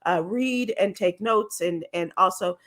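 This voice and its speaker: A woman hosting a casual group chat over a video call, talking haltingly with many fillers and restarts. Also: lowish voice, a bit bright. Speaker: talk show host.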